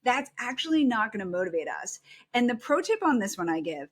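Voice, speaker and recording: Earnest, animated woman psychologist. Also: fairly high pitch, fairly quick. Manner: earnest, animated, acts out quoted self-talk. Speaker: psychologist guest. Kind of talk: podcast interview, advice-giving.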